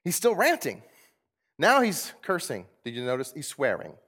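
A man's voice: a little high, moderate pace. A man preaching a conversational sermon, laughing often and asking his congregation rhetorical questions. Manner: animated, conversational, with frequent laughs. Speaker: pastor.

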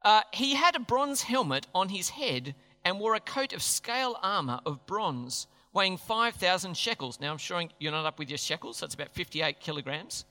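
A man's voice: sits high, lively intonation, moderate pace, hardly any pauses, bright, forceful tone. A man preaching a sermon, chatty and jokey, often asking the crowd questions. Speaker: pastor. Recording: long hall reverb.

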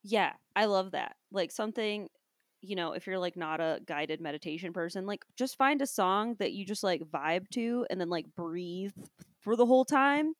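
A young woman co-hosting a casual podcast as a coach, animated, filler-heavy and swearing casually. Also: medium pitch, moderate pace, dry recording, clean studio sound. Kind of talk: casual chat.

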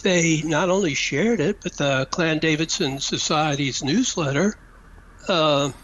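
A man from the South, telling a long story as an interview guest. He talks in a hesitant, rambling way, pausing often and adding dry asides. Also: fairly high pitch, fairly bright tone. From Georgia, US South. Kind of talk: conversational storytelling. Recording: dull, slightly muffled sound with faint noise.

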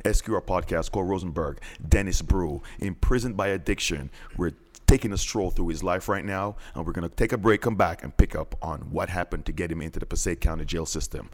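A male podcast host with a very low voice. He talks steadily and plainly as he introduces segments and draws out his guest. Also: a little fast. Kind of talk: podcast hosting.

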